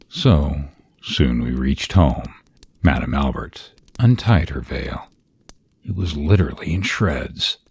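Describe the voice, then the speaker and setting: A man narrating a ghost story in a slow, hushed, partly whispered delivery. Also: a bass voice, slightly rough.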